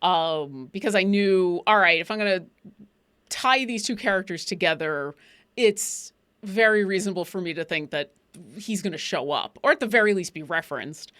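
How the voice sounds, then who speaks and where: A woman chatting casually about her tabletop role-playing game, animated and laughing often. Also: on the low side, moderate pace, dry recording. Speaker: player.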